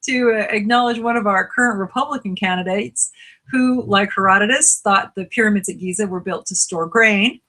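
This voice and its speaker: A woman's voice: mid-range voice, normal speed, bright, forceful tone. A woman co-hosting a podcast, telling wry stories in casual chat with frequent laughs. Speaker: podcast co-host.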